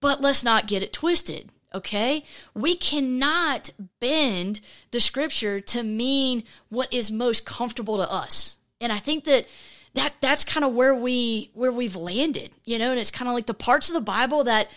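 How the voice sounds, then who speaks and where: A woman hosting a casual faith podcast, talking in a chatty, animated way with lots of fillers and restarts. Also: a little high, a little slow. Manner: acts out quoted voices. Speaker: podcast host.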